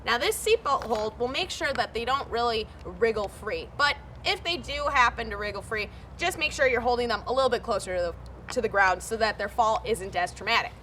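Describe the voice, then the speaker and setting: Lively bright-voiced woman naturalist. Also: on the high side, a little fast, a little hiss or hum. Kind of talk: scripted educational presenting.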